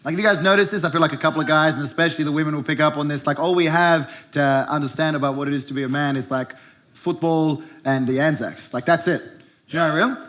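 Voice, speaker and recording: A man's voice: on the high side, steady tone, fast, fairly bright tone. A young Australian man doing stand-up as the host of a segment, heated and sarcastic, swearing and mocking blokes in put-on voices. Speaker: comedian hosting a show segment. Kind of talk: stand-up rant.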